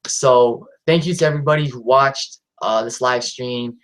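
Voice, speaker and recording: A man's voice: medium pitch, moderate pace, a bit bright, rough recording. Rambling man hosting a live stream. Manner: rambling, lots of fillers and restarts. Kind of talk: casual live stream chat.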